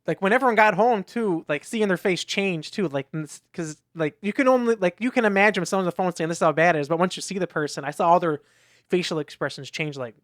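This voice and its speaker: Fast-talking man, rambling story. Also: sits high, a bit bright, no echo, clean studio sound. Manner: rambling storytelling with many restarts and acted quotes. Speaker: podcast co-host. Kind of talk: casual chat.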